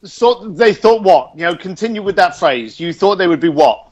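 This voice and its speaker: Interview guest: man with a high voice, blunt, animated storyteller, swears. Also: moderate pace. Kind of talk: casual storytelling.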